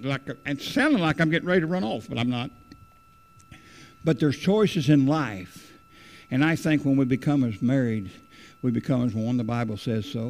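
A man's voice: mid-range voice, mellow. A man preaching an earnest, rambling sermon in a church, often repeating and restarting his phrases.

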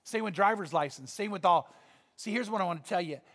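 A man's voice: high-pitched, expressive, brisk, fairly bright tone. A male pastor preaching a sermon in an earnest, conversational manner with emphatic repetition.

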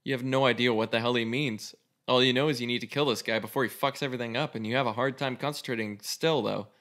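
A man's voice: medium pitch, fairly even intonation, fast talker, fairly bright tone. A man casually reading an interactive adventure story aloud as host, with a loose, swearing delivery. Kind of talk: reading a choose-your-own story aloud.

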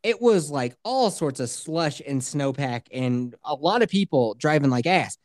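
A woman's voice: sits low, lively intonation, unhurried, a little mellow, no room sound, studio quality. A woman co-hosting a podcast, telling a long story in a casual way, cursing freely and acting out what other people said. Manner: swears freely and acts out other people's voices. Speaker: podcast co-host.

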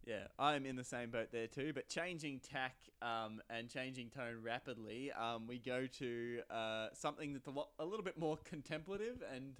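Smooth-voiced man hosting film chat. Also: medium pitch, normal speed, few pauses, fairly bright tone, dry recording. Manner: leads segments, stammers on restarts. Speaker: podcast host. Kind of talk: casual film review chat.

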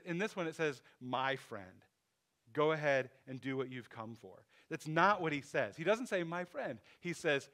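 Man, pastor, conversational sermon, restarts and asides, slightly high voice. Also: a bit bright.

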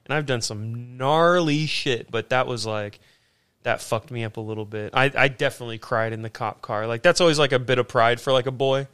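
A man co-hosting a podcast, telling stories in casual chat, swearing often and acting out his own past lines in loud bursts. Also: mid-range voice, a little fast, clear, resonant tone. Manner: profane storyteller, mimics himself in loud quoted bursts. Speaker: podcast co-host.

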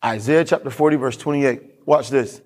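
A man's voice: mid-range voice, normal speed, darkish tone. A man preaching a sermon as pastor in a church, emphatic and given to repeating his lines and reading scripture aloud.

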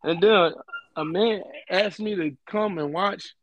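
A man's voice: sits high, measured pace, no echo. A young man talking on a podcast, earnest and emphatic, often repeating himself. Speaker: podcast host. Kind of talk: casual podcast talk.

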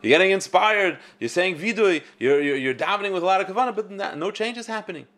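A man teaching a Torah class on scripture. He speaks in an animated way and often repeats words while he thinks. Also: sits high, fast.

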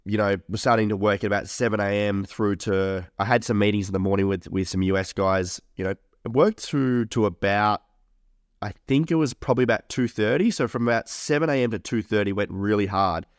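A man's voice: fairly low pitch, fairly quick, no room sound, clean studio sound. A young man co-hosting a podcast, chatting casually, swearing and laughing often. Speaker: podcast co-host.

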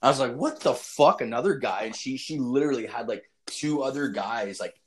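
A man's voice: mid-range voice, fairly quick, breathy edge. A young man telling a wild story in casual chat, rambling and profane, with lots of filler words.

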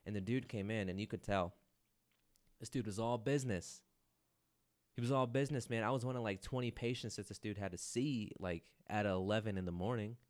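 Rambling, low-voiced man hosting a podcast. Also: a little fast, darkish tone. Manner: rambling and self-mocking, swears and says "dude" often. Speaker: podcast host. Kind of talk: casual solo podcast monologue.

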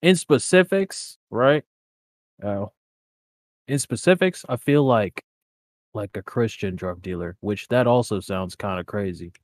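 A man's voice: lowish voice, expressive, measured pace, a little hiss or hum. A young man in casual chat, laid-back and slangy, leaning on filler words.

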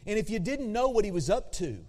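A man preaching a sermon as a pastor, animated, swinging between loud emphasis and hushed asides. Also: high voice, fast talker. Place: church sanctuary. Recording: long hall reverb.

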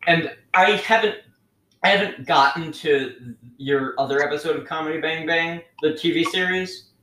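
A fairly high-voiced man hosting a casual podcast, hesitant and stammering. His voice sounds echoey, as if recorded in an untreated room, with faint noise behind it. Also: normal speed, bright, forceful tone. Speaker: podcast host.

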